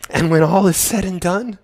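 A man preaching a sermon to his congregation in a church, emotional, swinging from loud excitement to quiet, intimate prayerfulness. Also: on the high side. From United States. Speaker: pastor. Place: church sanctuary.

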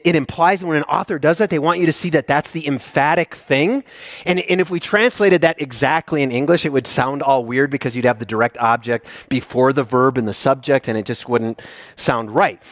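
A man preaching a sermon as a pastor, earnest and emphatic, swinging between hushed soft lines and rising heartfelt appeals. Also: on the high side, no room sound, clean studio sound.

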